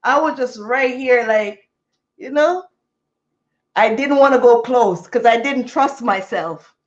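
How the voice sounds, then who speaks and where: A woman's voice: on the high side, takes it slowly, muffled recording. A woman telling a story casually in a vlog, repeating phrases and laughing between them. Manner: repetitive, laughing, animated storytelling. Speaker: vlogger.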